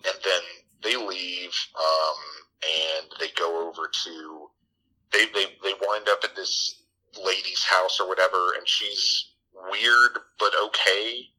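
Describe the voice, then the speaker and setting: Deep-voiced guy with a really bright, cutting tone, rambling and swearing through a movie recap, keeps doing squeaky voices. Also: fairly even intonation, slow pace, rough recording. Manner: rambling, profane, jumps into squeaky character voices. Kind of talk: casual comic movie recap.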